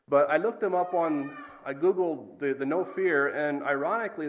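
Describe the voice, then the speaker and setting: A man's voice: on the high side, rough recording. Man reading scripture plainly, middle-aged. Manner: plain, conversational, with fillers and a dry aside. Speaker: preacher. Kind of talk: reading scripture and giving a short devotional talk.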